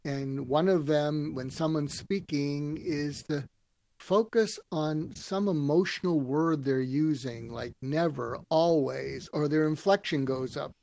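A man telling stories in an interview, acting out quoted lines with lively voices. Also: on the high side, takes it slowly, creaky. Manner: animated storyteller acting out quotes. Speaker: guest, author and speaker. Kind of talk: storytelling interview answers.

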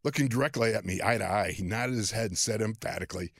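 Gravelly older man telling a story. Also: fairly low pitch, fast talker, no room sound, clean studio sound. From Western New York, USA. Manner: animated, self-deprecating, chuckling. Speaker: podcast host, former football player. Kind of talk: storytelling monologue.

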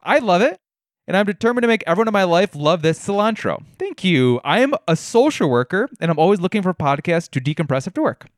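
A man's voice: high-pitched, big pitch swings, fast talker, dry recording, studio quality. A young man hosting a casual solo podcast from his living room, telling stories in a wry, self-deprecating way. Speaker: podcast host.

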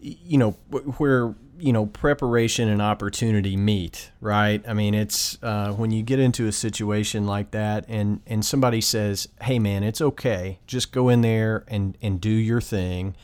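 A male podcast host chatting with a guest in a relaxed, encouraging way, with a few stammered restarts. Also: lowish voice, moderate pace, hardly any pauses, clean tone. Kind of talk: casual interview chat.

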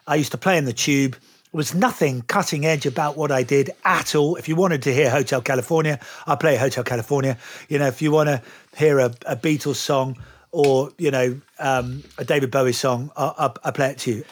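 A middle-aged Englishman with an English accent, chatting as an actor guest in an interview and telling lively, anecdotal stories with the odd curse. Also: mid-range voice, a little fast, breathy edge. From England. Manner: lively anecdotal storyteller, occasionally swears. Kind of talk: casual interview chat.

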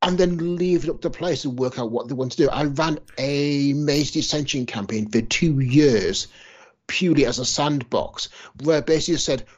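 Male co-host, husky, relaxed and hedging, lo-fi podcast sound. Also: mid-range voice, moderate pace. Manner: relaxed, hedging with fillers like "kind of". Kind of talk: casual podcast conversation. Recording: dull lo-fi podcast audio.

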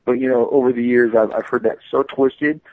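A man guests on a podcast and tells stories about his career in a lively, tumbling rush. He often restarts his sentences with quick stammers. His voice sits in a middle register and sounds close and dry, with no room around it. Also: medium pitch, no room sound, phone-quality sound. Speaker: podcast guest, comic artist. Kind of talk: casual storytelling.

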